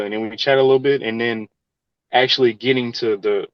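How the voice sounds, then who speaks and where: A man's voice: medium pitch, fairly even intonation, fairly quick, smooth, no room sound, dull audio. A man, an engineer in real estate, answering interview questions in an earnest, conversational way. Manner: earnest, advice-giving, conversational.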